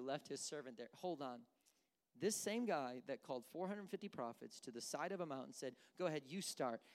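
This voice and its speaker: A preacher with a mid-range voice delivers an animated, conversational sermon, acting out the characters as he speaks.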